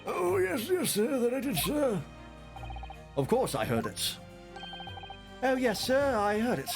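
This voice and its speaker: A man voicing a nervous, fawning coachman witness in a high, flustered voice with a hammy put-on accent. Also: very animated, unhurried, creaky, music in the background, full character voice.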